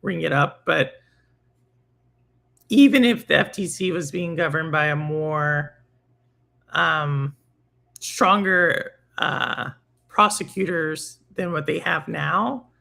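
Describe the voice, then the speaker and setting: A podcast host in casual chat who talks in an animated way, thinking aloud and restarting sentences. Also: medium pitch, slow, vocal fry, pauses often.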